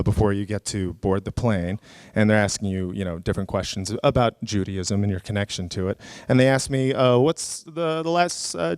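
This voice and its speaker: A man's voice: fairly low pitch, a little mellow, smooth, no room sound, studio quality. Chatty man telling a funny story. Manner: chatty, self-mocking, full of fillers and laughs at own jokes. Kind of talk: live comedic storytelling.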